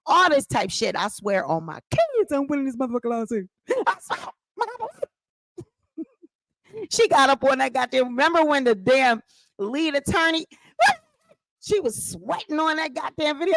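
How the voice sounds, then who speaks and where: Woman gossip vlogger cussing and laughing, super lively voice, dry close sound. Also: sits high, normal speed, no echo. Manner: laughing, profane, animated. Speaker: vlog host. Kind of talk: casual gossip commentary.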